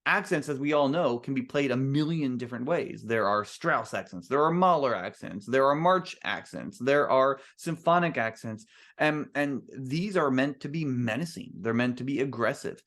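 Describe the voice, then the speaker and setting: A man's voice: mid-range voice, animated, moderate pace, a bit bright. A man who is a composer, giving an earnest, emphatic talk to musicians at a band clinic and restarting his sentences often.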